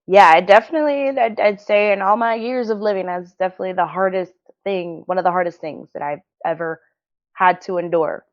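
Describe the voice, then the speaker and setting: A woman's voice: mid-range voice, fairly quick. A woman guest on a podcast, sharing a personal story in an earnest, heartfelt, reflective way. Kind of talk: personal story in casual interview. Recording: dull lo-fi sound.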